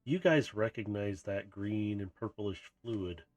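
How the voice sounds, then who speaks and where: A man's voice: fairly low pitch, slow, a little mellow, soft background music. A man narrating as game master in a tabletop game, in a casual, rambling way.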